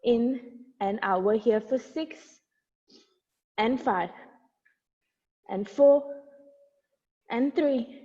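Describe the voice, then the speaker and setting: Fitness instructor, young woman, higher voice, counts reps while moving, earbud mic, dull sound with long reverb. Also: extremely slow, long pauses, warm tone. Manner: encouraging cueing with counts, light laughs. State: out of breath at times while exercising. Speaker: barre instructor. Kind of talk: guiding an at-home workout class. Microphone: wireless earbuds.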